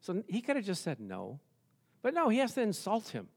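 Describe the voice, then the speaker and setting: A pastor with a high speaking voice preaches a sermon, telling the story in an animated way at a fairly quick pace. His voice is slightly rough, and he throws rhetorical questions at his listeners, chuckling along the way.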